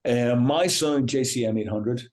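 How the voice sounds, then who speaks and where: A male rock musician chats through a relaxed interview, spinning long anecdotes. He keeps restarting his sentences and dropping in "you know", and he acts out what other people said as he goes. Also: medium pitch, a little slow. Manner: animated anecdote-teller, acts out quoted voices, many restarts and "you know". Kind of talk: casual interview storytelling.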